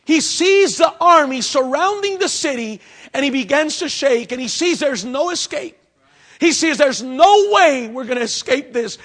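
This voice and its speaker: Preaching in a church, a pastor with a very high, bright, ringing voice swings from dramatic near-shouts to hushed, intimate asides. He's expressive and speaks at a normal speed.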